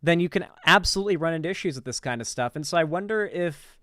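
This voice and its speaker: A man riffs through a reaction commentary, loose, swearing freely and openly incredulous. His voice is smooth and resonant, a bit higher than most men's, and it sits dry and close. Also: expressive, quick pace, bright, forceful tone, dry recording. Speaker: political commentary streamer.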